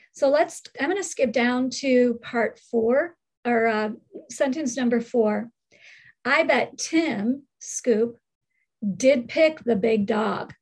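A middle-aged woman, a reading specialist, slowly explaining literacy lesson steps and reading sample sentences in careful phrases. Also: sits high, a little mellow, poor audio. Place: screen-share recording.

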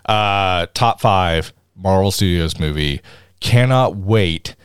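Animated low-voiced man ranting. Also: slow, smooth, no room sound, studio quality. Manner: emphatic, ranting, jumps between loud and soft. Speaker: podcast co-host. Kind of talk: casual chat.

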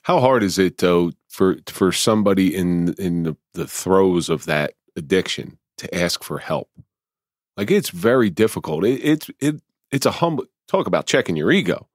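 A man's voice: sits low, animated, normal speed, no room sound, studio quality. A man hosting a podcast interview, talking reflectively and thinking aloud, a former police officer. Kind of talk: interview conversation.

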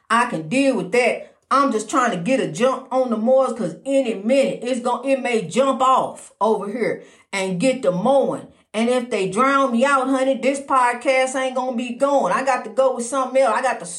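A woman's voice: on the high side, a bit bright. A middle-aged woman hosting her own podcast, talking casually about faith in a folksy, preachy way, calling the listener honey. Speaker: podcast host. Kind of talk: casual spiritual talk. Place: indoors at a lighthouse, roomy. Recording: roomy echo.

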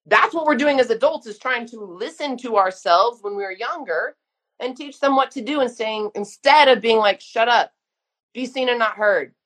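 A woman's voice: a little high, expressive, moderate pace, fairly bright tone, slightly rough. A woman in her thirties speaking frankly and emphatically as a guest in a casual conversation. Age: 30s. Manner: frank, emphatic, uses mild swearing. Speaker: guest therapist.

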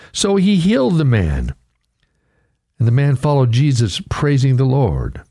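A man preaching a radio sermon, earnest and conversational, his pitch rising sharply when he voices a quoted cry. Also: creaky, darkish tone. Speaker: radio pastor.

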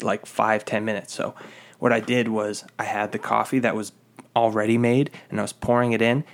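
A young man rambles through an exasperated, swear-filled story in a casual monologue. His mid-pitched voice has a gravelly rasp and drops into vocal fry at the ends of phrases. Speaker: former fast-food worker telling a story.

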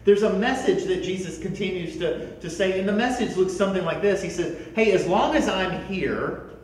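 A man preaching a sermon as a pastor, animated and often repeating words as he starts a sentence. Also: high voice, normal speed, very echoey, recorded from a distance, low-quality recording.

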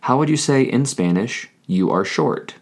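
A man hosting a scripted Spanish lesson, speaking deliberately and repeating each phrase for learners. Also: mid-range voice, animated. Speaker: Spanish teacher.

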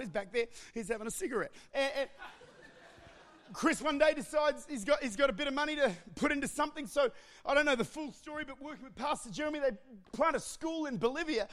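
A man preaching to his church in a very high, strained voice. He is impassioned and often breaks into shouts, then cracks jokes in between. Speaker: pastor. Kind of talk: sermon.

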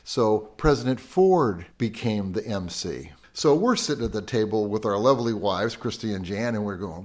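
Older American guest, lively storyteller. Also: male voice, fairly low pitch, normal speed, few pauses. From United States. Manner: lively storyteller who quotes people in raised voices. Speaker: podcast guest. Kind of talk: casual storytelling chat.

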